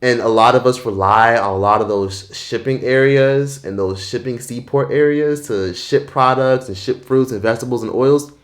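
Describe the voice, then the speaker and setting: Canadian-accented male vlogger, mid pitch, blunt and profane casual rant. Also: moderate pace, few pauses.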